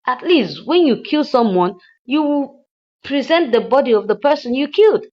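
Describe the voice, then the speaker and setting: Woman doing a shrill furious boss lady. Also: expressive, normal speed, highs cut off. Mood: demanding. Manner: loud, shrill, repeating her demands. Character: furious rich woman ordering a killing.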